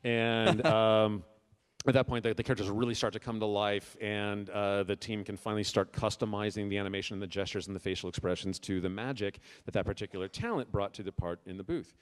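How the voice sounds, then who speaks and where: Guy hosting a con panel, low smooth voice, lots of uhs and ums. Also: steady tone. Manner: halting, full of filler words and restarts. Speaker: director and panel host. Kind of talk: casual convention panel talk.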